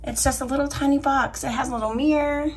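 A woman's voice: high-pitched, fairly even intonation, quick pace. A woman vlogger chatting casually through a shopping haul, upbeat and talking to her viewers, her voice a little scratchy. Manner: chatty, upbeat, addresses viewers as y'all and you guys. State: slightly scratchy voice. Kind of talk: casual haul video chat.

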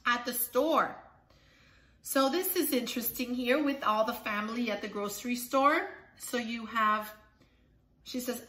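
A woman presents a children's picture book, walking through each page in a bright, fairly high voice and asking "right?" often. The recording has a roomy echo. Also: a little slow. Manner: explanatory, with a frequent "right?" after each point. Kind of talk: explaining a picture book aloud. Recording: echoey room.

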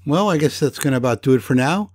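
A man's voice: medium pitch, lively intonation, fast talker, a little mellow, husky, no room sound, studio quality. A man hosting a podcast, speaking in a friendly, plainspoken way in casual chat. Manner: friendly, plainspoken, a few fillers. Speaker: podcast host.

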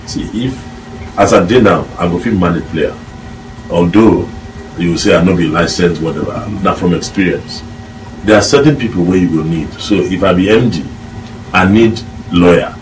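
A man with a Nigerian Pidgin accent and a very deep voice lays out his points emphatically, lecturing as a pundit. He is recorded from a distance, with faint room noise underneath. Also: moderate pace. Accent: Nigerian Pidgin English. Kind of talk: studio discussion.

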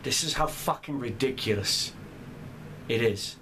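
A man's voice: mid-range voice, unhurried, noisy background. A man in a furious, profane rant as a gamer, heated and swearing throughout. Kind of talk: angry rant vlog.

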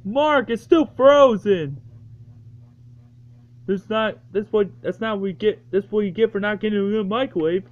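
High-voiced man narrating a home comedy video. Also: level tone, fast, hardly any pauses, a little mellow. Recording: dull lo-fi home recording.

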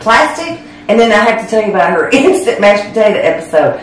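A woman, co-hosting a casual chat and telling lively family stories. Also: medium pitch, fast. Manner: animated storyteller, acts out family quotes. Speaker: co-host. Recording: echoey room, mic at a distance, faint noise.

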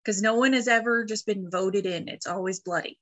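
Woman podcast host reading history, bright voice, jokey asides. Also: medium pitch, fairly quick. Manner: joking asides while reading facts. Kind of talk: casual chat, reading history notes.

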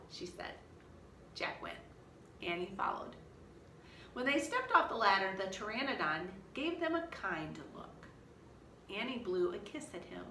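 A woman reading a children's chapter book aloud in a slow, deliberate storytelling manner. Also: mid-range voice, sing-song, sharp tone, a little hiss or hum.

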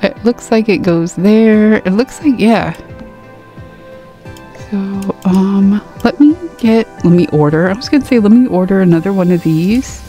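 A woman giving a casual game review, gasping and squealing excitedly over cute items. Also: mid-range voice, a little slow, soft background music. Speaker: gaming YouTuber.

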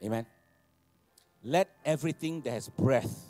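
A man, preaching a sermon, animated and laughing, repeating phrases and asking for amens. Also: on the low side, moderate pace, long pauses, soft background music. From Malaysia. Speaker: pastor. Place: church hall.

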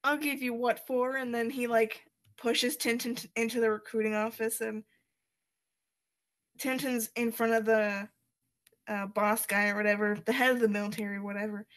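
A young woman co-hosting a podcast, chatting briskly as she recaps a comic and quotes the characters in lively voices. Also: on the high side. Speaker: podcast co-host. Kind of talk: casual comic retelling.

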